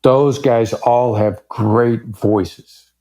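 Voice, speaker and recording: In a conversational podcast interview, a male negotiation expert appears as a guest, making his points emphatically and shifting his pace for effect. His voice is medium in pitch and dark in tone, with fairly even intonation and drawn-out words.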